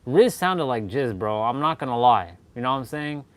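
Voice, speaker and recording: A man's voice: medium pitch, animated, moderate pace, a bit bright, no echo. A young man in casual chat while working out, joking and swearing loosely, repeating himself, a bit winded between sets. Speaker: fitness vlogger.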